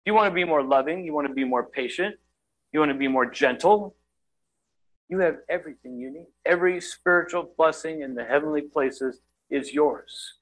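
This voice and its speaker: A middle-aged man preaching a sermon in a conversational, self-deprecating way with quick asides. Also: fairly high pitch, poor audio. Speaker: guest preacher.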